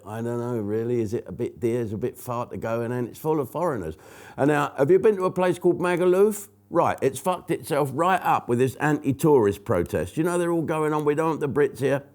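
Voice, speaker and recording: A man's voice: medium pitch, brisk. A man hosting his own online comedy show, ranting bluntly and swearing freely. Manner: blunt, profane, animated. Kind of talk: profane comic rant to camera.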